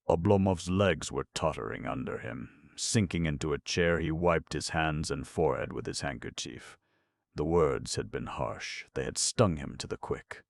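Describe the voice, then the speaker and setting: Very deep, gravelly male narrator. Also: moderate pace, dry recording, clean studio sound. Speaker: audiobook narrator. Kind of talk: scripted audiobook narration.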